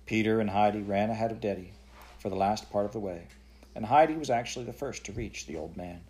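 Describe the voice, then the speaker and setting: A man narrating a children's classic aloud in a steady, plain storytelling manner. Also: lowish voice, quick pace. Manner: steady, plain storytelling with a few self-corrections. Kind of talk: audiobook reading of a children's classic.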